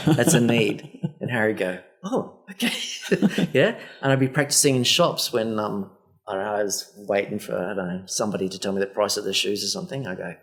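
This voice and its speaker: A man, a therapist guest on a casual podcast, animatedly acting out the voices in quoted exchanges. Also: medium pitch. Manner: animated, acts out quoted dialogue.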